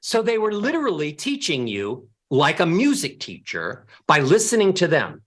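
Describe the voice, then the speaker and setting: Animated male voice coach. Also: normal speed. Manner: demonstrates sad, happy and angry voices; animated, with sweeping pitch. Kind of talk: motivational talk on stage.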